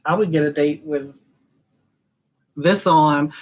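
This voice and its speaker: A woman's voice: sits low, takes it slowly. A middle-aged woman teaching perfume blending in a chatty, gushing tutorial, drifting off topic and spelling ingredient names letter by letter. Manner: gushing, emotional, chatty and digressive. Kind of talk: casual home-studio tutorial.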